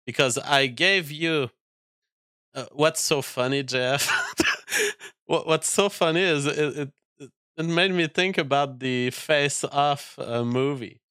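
A man's voice: on the high side, a little slow, fairly bright tone, clean tone, dry recording, clean studio sound. A man streaming, reacting to clips with profane rants. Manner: ranting, profane.

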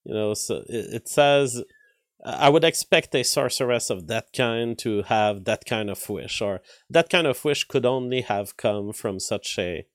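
Speaking in a mid-range voice, a man with a French accent, French by birth, covers the news on a live stream and replies to chat, thinking out loud with frequent fillers and false starts. The recording is dry and of studio quality.

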